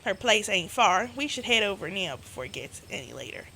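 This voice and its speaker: A woman voicing an easygoing young small-town friend with a Southern country accent, with loud game music behind her. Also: mid-range voice, sing-song, brisk, vocal fry, a little hiss or hum, pitched below the performer's own voice, exaggerated voice. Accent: American Southern country.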